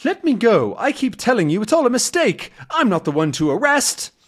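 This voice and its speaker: A man reading out a brave young reporter from a comic in an excited, urgent voice. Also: extremely high pitch, moderate pace, pitched above the performer's own voice, exaggerated voice. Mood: protesting.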